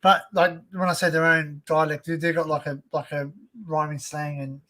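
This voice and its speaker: High-voiced Australian man chatting. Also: little pitch movement, moderate pace, pushed and bright, rough recording. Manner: rambling, restarts often. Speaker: live stream host. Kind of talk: casual chat. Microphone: desktop USB mic.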